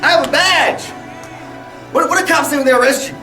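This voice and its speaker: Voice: sits high, fairly quick, bright, forceful tone. A protester gives an outraged, repetitive, emphatic public speech. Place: public gathering. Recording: echoey, from far off, with music and crowd.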